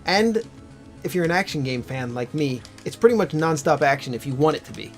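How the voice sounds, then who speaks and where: A man's voice: fairly high pitch, lively intonation, brisk, soft background music. A young man co-hosting a let's play, chatting casually and animatedly about games, swearing now and then. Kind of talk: casual gameplay chat.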